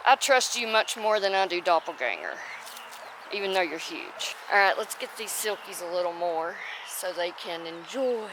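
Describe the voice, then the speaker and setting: A woman's voice: fairly low pitch, animated, moderate pace, background noise. A woman homestead vlogger chatting casually through her chores outdoors, often breaking off to coo at her chickens by name. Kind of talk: casual chat while doing farm chores. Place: outdoors at chicken and rabbit pens.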